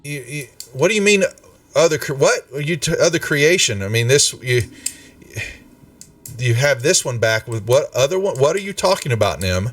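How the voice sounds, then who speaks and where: A man's voice: mid-range voice, slow, fairly bright tone, distant mic. A man voicing a flustered female bronze dragon who scolds and comforts a small inventor. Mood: confused. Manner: exasperated, scolding. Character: frantic bronze dragon woman, flustered guardian.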